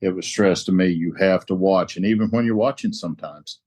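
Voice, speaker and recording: A man with an accent offers his takeaway at a recovery roundtable. His voice is very deep, and he stresses points by repeating them. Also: fairly quick, darkish tone. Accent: non-native. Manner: emphatic, repeats key words. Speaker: roundtable participant. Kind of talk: casual recovery-meeting sharing.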